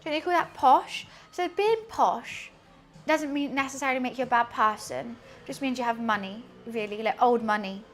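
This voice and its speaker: A young woman in her home kitchen, chatting and laughing easily with her stream audience as she cooks. Her voice sits a little high. Soft music plays faintly behind her. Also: moderate pace. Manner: chatty and giggly, reads out chat and answers it. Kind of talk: casual live-stream chat while cooking.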